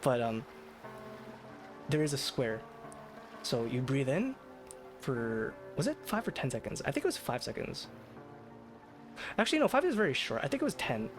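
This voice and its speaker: A man's voice: mid-range voice, very animated, normal speed, long pauses, music in the background. A man streaming late at night, chatting casually in a rambling, self-deprecating way with lots of fillers and restarts. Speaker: VTuber streamer. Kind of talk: casual live-stream chat.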